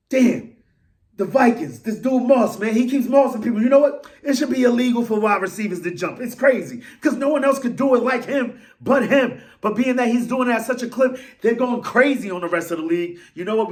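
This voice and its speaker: A man rants in his fan vlog, his voice sitting high and jumping about with excitement. He rambles, drops slang and pokes fun at himself as he goes. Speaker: vlog host.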